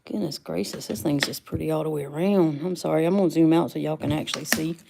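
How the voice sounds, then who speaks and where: Lady rambling to her stream chat, gravelly low-ish tone, greets everybody. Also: fairly even intonation, fast talker, dark tone, a little hiss or hum. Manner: chatty, greets viewers by name, laughs easily. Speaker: livestream host unboxing rocks. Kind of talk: casual livestream chat.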